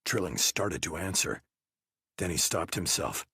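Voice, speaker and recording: A man narrating an audiobook thriller in a measured, first-person storytelling manner with a husky voice. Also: low voice, lively intonation, pushed and bright.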